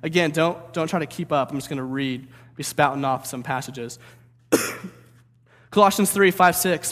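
A preacher from St. Louis giving an energetic, conversational sermon, often checking in with "right?". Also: male voice, on the high side, a little fast, long reverb tail. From St. Louis, USA.

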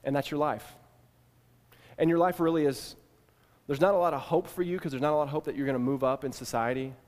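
A man preaching a sermon, retelling an ancient scene in the second person and shifting between hushed and emphatic delivery. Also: a little high, fairly even intonation, quick pace. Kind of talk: sermon storytelling. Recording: long hall reverb.

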